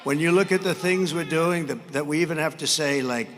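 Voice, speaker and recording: A man in his seventies giving a rambling campaign rally speech at a podium microphone, brash and mocking, shouting some lines. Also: on the high side, a little fast. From United States. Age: 70s. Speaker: political candidate at a rally. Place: large arena. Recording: reverberant arena with faint crowd noise.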